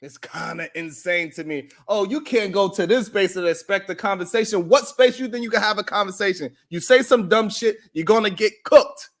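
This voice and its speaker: A man's voice: high-pitched, normal speed, few pauses. A man hosting a live stream, ranting in heated, profane reaction commentary.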